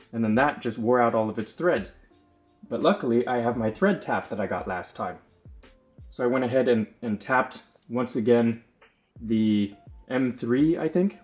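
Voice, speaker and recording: A man casually explaining his hobby build work, rambling and correcting himself often with plenty of fillers. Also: mid-range voice. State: slightly out of breath. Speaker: lightsaber builder.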